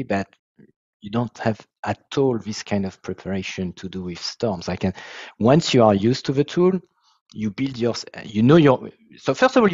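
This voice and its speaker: A man from France with a French accent, explaining his software in a casual video call, halting and searching for English words. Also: medium pitch, dry recording, muffled recording. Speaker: software founder presenting his tool.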